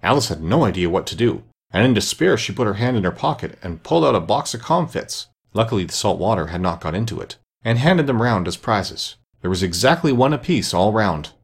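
A man's voice: fairly low pitch, big pitch swings, fairly quick, vocal fry, few pauses, breathy edge. A man reading a classic children's story aloud, narrating expressively. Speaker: reader.

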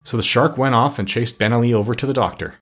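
A man narrating a children's story with expressive, dramatic storytelling. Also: mid-range voice, quick pace. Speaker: storybook reader. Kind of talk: audiobook narration.

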